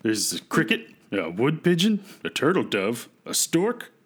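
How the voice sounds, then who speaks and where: A man co-hosting a podcast, casually retelling a myth in a lively, jokey way. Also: medium pitch, unhurried, slightly rough. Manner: lively, jokey, laughs often. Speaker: podcast co-host.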